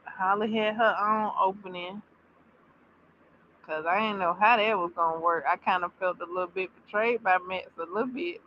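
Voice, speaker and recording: A woman chatting casually on a livestream, reacting with bursts of excitement and drawn-out exclamations. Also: mid-range voice. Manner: animated, exclaiming, drawn-out repeats. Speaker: streamer reacting to a series. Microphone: streaming mic. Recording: slightly dull audio with faint background noise.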